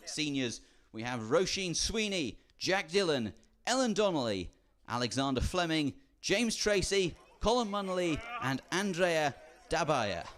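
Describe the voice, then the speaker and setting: Man reading kart race entry lists. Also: mid-range voice. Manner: steady listing of names, dry asides. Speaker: race commentator.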